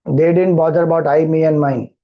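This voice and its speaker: A man's voice: on the high side, fairly even intonation, fairly quick, highs cut off. A man with an Indian accent, a spiritual teacher explaining scripture, who keeps repeating verses and asking rhetorical questions. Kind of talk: scripture discourse.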